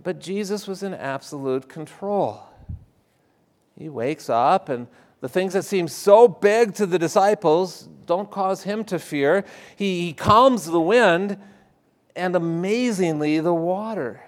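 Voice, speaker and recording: A man preaching a sermon in a slightly higher than usual voice. His delivery is animated, with loud emphatic stretches that drop into quiet, hushed asides. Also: slow pace. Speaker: pastor.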